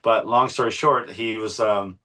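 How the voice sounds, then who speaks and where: A man's voice: lowish voice, a little slow. A middle-aged man, an interview guest, telling a story in a casual, passionate way, with plenty of swearing and fillers. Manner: profane, passionate, animated retelling with frequent fillers.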